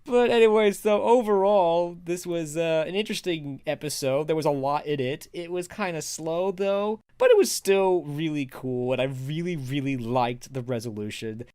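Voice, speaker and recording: Man, fairly high voice, dry close sound; casual rambling reviewer who laughs a lot. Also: normal speed, hardly any pauses, clear, resonant tone, no echo. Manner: rambling, chatty, laughs often; animated, swings into high excited quotes. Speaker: video reviewer.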